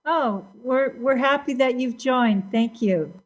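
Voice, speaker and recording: A woman's voice: a little high, slow pace, highs cut off. A woman moderating a casual group video call, greeting and calling on each participant by name in a friendly way. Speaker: discussion moderator.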